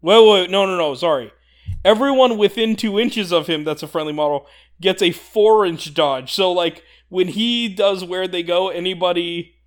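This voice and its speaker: Higher-voiced man explaining game rules. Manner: enthusiastic, explains rules at length, laughs often. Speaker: podcast co-host. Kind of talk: casual tabletop game discussion.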